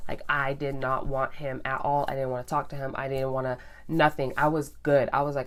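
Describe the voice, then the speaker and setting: A young woman with a low voice tells her story to the camera, chatty and animated. She talks straight to her viewers as if to friends. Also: brisk, hardly any pauses. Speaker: vlogger. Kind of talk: casual storytelling.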